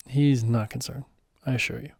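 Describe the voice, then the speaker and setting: A calm, wise male mentor in an audio story, as a man narrator puts him on, speaking slowly and serenely with a gentle teasing edge. The voice is mellow and warm, and the recording is close and dry with no room sound. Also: mid-range voice, vocal fry, breathy edge, dry recording.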